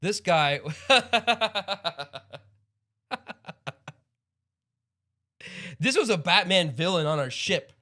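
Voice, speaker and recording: A man's voice: high voice, lively intonation, very slow, pauses often, sharp tone. Upbeat rambling male stream host. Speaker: livestream host. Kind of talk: casual chat.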